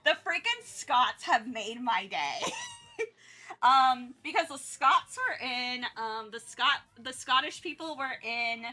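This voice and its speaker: A woman's voice: high voice, expressive, slow pace, sharp tone. A young woman from North Carolina chatting casually on a livestream, rambling with lots of restarts and fillers. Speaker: art streamer.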